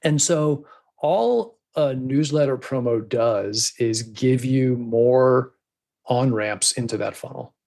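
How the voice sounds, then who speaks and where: Give me a man with a creaky, mid-pitched voice talking casually as a podcast guest. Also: takes it slowly, darkish tone. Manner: chatty, loose, many fillers and asides. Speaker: guest from a book promotion company.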